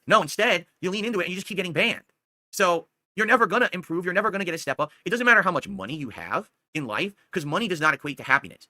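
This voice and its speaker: A man's voice: on the high side, animated, racing, sharp tone, no room sound. A man delivering a heated, profane ranting monologue aimed at a rival, scolding him and asking again and again whether he understands. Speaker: streamer.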